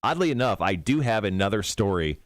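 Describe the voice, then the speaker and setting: A man's voice: lowish voice, sing-song, brisk, no room sound, clean studio sound. A male radio host chatting casually on a morning show, telling stories and laughing often while he tells them. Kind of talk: casual morning show chat on a live stream.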